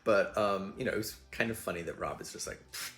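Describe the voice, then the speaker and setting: A man's voice: low voice, fast talker, fairly bright tone, faint music behind. A man hosting his own show, telling rambling, self-deprecating stories in a chatty way with lots of fillers. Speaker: host. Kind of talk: casual storytelling monologue.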